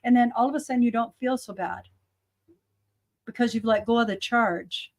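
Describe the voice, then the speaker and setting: A woman's voice: fairly high pitch, moderate pace. Earnest middle-aged woman teaching spirituality. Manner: earnest, repeats phrases and affirmations for emphasis.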